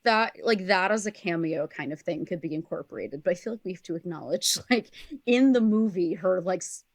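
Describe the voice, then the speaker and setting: A woman's voice: fairly low pitch, fairly quick, dry recording, studio quality. A woman guest on a podcast, brainstorming in a rambling, casual way, full of "like" and laughter. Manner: rambling, heavy use of "like", laughs often.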